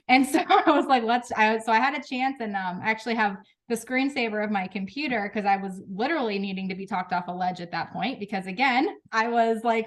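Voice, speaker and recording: A woman in her thirties speaking frankly and emotionally to her team on a group video call, with quick restarts and laughs. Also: medium pitch. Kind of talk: candid motivational talk.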